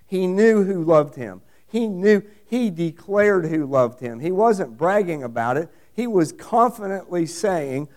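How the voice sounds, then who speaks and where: A man's voice: high voice, animated, a little slow, few pauses, a little mellow. A middle-aged man preaching a sermon, emphatic and repetitive, asking the congregation questions. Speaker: pastor.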